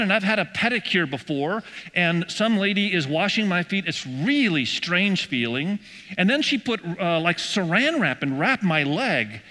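A man delivers a sermon, reading Scripture aloud and explaining it in a bright, forceful voice pitched a little high. He talks conversationally and puts questions to the congregation, and his voice carries a long reverb from the church sanctuary. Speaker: pastor.

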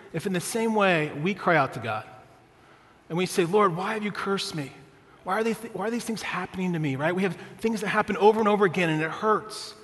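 A man's voice: high-pitched, fairly bright tone, big-room sound. A male pastor preaching a sermon, telling a family story with humor and often asking the congregation "right?".

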